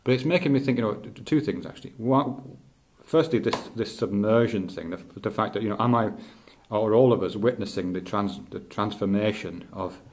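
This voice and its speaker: A middle-aged male teacher thinking aloud in a halting, reflective way, with many restarts. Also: on the low side, darkish tone, slight background noise. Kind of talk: unscripted spoken reflection.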